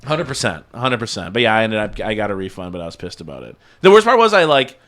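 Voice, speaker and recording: A man's voice: on the low side, fast talker. A man telling a story in casual chat, acting out quotes and swearing often. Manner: animated, acts out quotes, heavy swearing.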